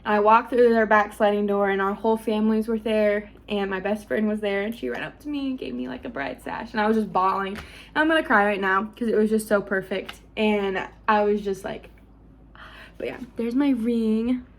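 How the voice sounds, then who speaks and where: A woman's voice: medium pitch, moderate pace, slight background noise. Young woman vlogging from home, chatty and gushy, lots of likes. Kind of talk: casual storytelling to camera.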